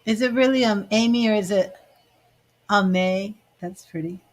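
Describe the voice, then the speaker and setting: A woman with a mid-range, slightly mellow voice talks quickly while giving live psychic medium readings. As a tarot reader, she's chatty and emotional, using lots of fillers, gushing and at times tearful.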